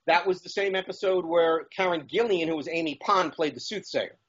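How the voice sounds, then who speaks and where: Man, talk show guest, high voice, eager, rambling, restarts, dull lo-fi sound. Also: fairly quick, a bit bright, husky. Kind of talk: casual chat.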